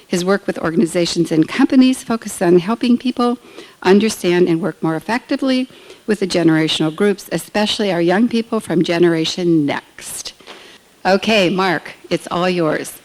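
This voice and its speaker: Low-voiced woman introducing a keynote. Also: moderate pace, a little mellow, rough recording. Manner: reading a speaker bio with small fillers. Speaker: conference organizer introducing the speaker. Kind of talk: stage introduction.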